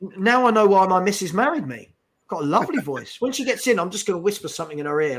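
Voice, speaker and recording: A man's voice: sits high, expressive, fairly quick, fairly bright tone. Exasperated man hosting a football stream. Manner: exasperated, swearing, chatty with viewers. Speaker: host of a fan watch-along stream. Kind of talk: casual live football chat.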